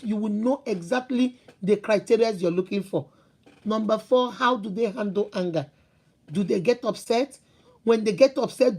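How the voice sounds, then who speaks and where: A woman's voice: a little high, dark tone, slightly rough. A middle-aged woman hosting a talk on relationships, telling stories with emphatic repetition and rhetorical questions. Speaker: host giving relationship advice. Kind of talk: casual advice talk to viewers.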